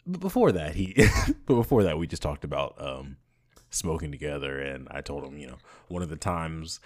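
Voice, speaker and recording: Low-voiced man telling a crude story. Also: moderate pace. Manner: candid, crude and animated, laughing often. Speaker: podcast host. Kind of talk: casual storytelling monologue.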